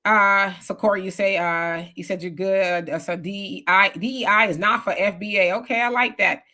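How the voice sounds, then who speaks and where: A woman hosts a livestream commentary in loose, conversational street talk, firing off emphatic rhetorical questions. Her medium-pitched voice has fairly even intonation, a sharp tone and a normal pace.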